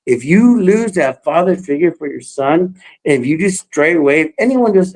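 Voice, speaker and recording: An older man, a grandfather, telling a personal story as a guest on a livestream, halting and emotional, with many fillers and restarts. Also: a little high, expressive, darkish tone, poor audio.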